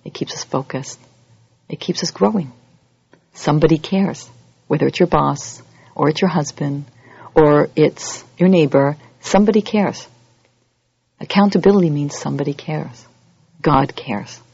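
A religious teacher giving a holiday sermon to a congregation, lively and acting out everyday scenes in other voices. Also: mid-range voice, a little slow, vocal fry, pauses often, slightly rough, lo-fi sound.

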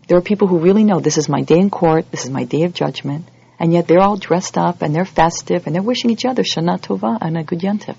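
Religious teacher, sermon, husky voice, animated storyteller, lo-fi dry recording. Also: mid-range voice, fast, dry recording. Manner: lively, acts out everyday scenes in other voices. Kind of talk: holiday sermon to a congregation.

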